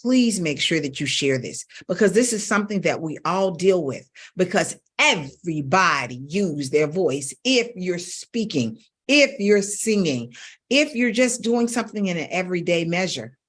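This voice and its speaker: Emphatic woman vocal coach, lowish voice. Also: animated, moderate pace. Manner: emphatic, coaxing, repeats phrases for stress. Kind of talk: instructional talk to camera.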